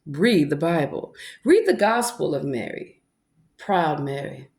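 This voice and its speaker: A low, darkish female voice with huge pitch swings moves a little slowly through a defiant sermon; she's a Black woman, a self-styled preacher, confronting her accusers. Gospel-style singing erupts, and music sits behind a roomy echo.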